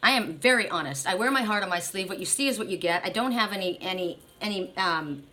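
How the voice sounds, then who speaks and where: Bright-voiced woman giving an emphatic spiritual reading. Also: medium pitch, expressive, fast. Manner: emphatic, repeats phrases, keeps asking "right?". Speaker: oracle card reader.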